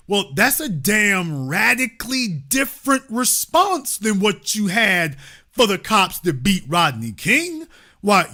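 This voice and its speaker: A man delivers impassioned commentary in a high voice. He is emphatic and repeats key phrases for effect. His tone is intensely forceful and sharp. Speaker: host.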